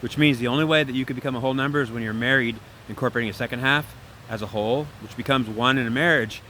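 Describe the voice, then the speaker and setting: A man giving a casual spoken tarot reading, animated and preachy, talking straight to the listener. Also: mid-range voice, racing, a little hiss or hum. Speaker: tarot reader.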